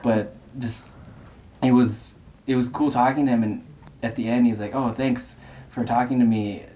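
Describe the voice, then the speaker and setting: A man's voice: mid-range voice, steady tone, moderate pace, dark tone, low-quality recording. A young man earnestly sharing his faith testimony. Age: young adult. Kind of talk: testimony interview.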